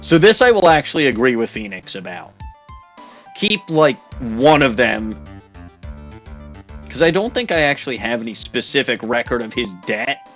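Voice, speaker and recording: A man's voice: mid-range voice, very animated, moderate pace, long pauses, fairly bright tone, soft background music. Sardonic man playing a game. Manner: sardonic, swears freely. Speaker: let's play host. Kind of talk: casual game commentary and dialogue reading.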